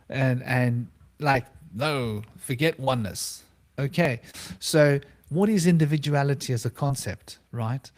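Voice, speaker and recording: A man hosting a relaxed online panel over a video call. He muses at length on abstract ideas, circling back and repeating his phrases as he thinks aloud. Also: medium pitch. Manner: rambling, musing, repeats phrases. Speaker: round table host. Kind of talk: casual philosophical monologue.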